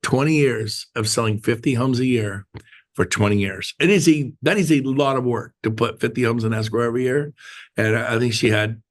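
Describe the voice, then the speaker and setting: A man's voice: medium pitch, fairly quick. Rambling, joking middle-aged man. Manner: rambling, joking, animated storytelling. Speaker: speaker leading a team meeting. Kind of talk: casual meeting talk on a video call.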